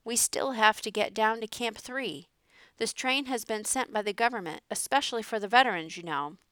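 Stern shouting train conductor, man, commanding, in a storybook storm scene, read by a woman in her own smooth, dry voice. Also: on the high side, normal speed, no echo, lightly acted. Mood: urgent. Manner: urgent, raised and commanding.

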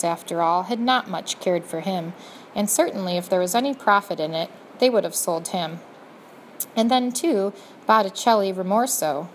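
A woman narrating a children's storybook, speaking directly to the reader in a gently expressive way. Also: medium pitch, a little hiss or hum, rough recording. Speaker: audiobook narrator.

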